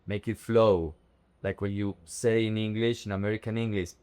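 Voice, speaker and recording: A young man teaching vocabulary, saying words slowly and carefully and repeating them in drills. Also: lowish voice, level tone, darkish tone, clean tone. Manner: slow, careful word-by-word drilling. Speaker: Spanish teacher. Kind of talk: vocabulary lesson to camera.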